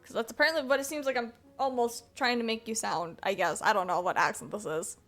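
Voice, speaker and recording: A woman's voice: fairly high pitch, quick pace, fairly bright tone. A woman streaming a video game, chatting casually in a playful, rambling way. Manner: playful, rambling, chuckling to herself. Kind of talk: casual chat while gaming. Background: faint game music.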